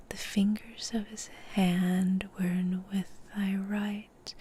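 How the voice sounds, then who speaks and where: A young woman reading love poems aloud in a soft whisper, in a whispered role-play on her stream, her throat a little sore from it. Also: medium pitch, a little hiss or hum. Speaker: VTuber streamer.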